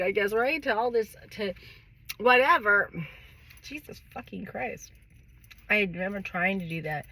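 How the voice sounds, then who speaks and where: A woman's voice: medium pitch, pushed and bright, no room sound. A middle-aged woman in a candid personal monologue, rambling and swearing often, with frequent sighs. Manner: rambling, heavily profane, sighing and laughing. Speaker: vlogger.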